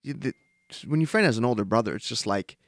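A man's voice: mid-range voice, lively intonation, fast talker, gravelly, no room sound, clean studio sound. A young man co-hosting a podcast, telling stories in a laid-back, casual way. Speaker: podcast co-host. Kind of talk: casual chat.

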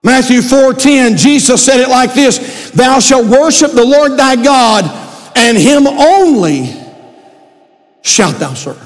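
Male pastor with a very high voice, preaching with shouted emphasis in a church with long reverb. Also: animated, takes it slowly. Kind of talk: sermon. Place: church sanctuary.

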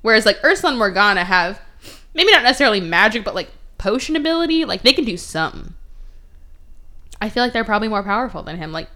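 A young woman hosting a podcast in casual chat, sarcastic, often slipping into quick mocking voices for characters. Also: mid-range voice, very animated, sharp tone. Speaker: podcast host.

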